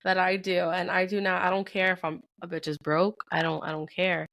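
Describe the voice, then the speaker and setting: A woman's voice: fairly low pitch, flat delivery, a little fast, creaky, fairly bright tone. A young woman co-hosting a podcast, chatting candidly, swearing freely and laughing often. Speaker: podcast co-host. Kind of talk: casual chat.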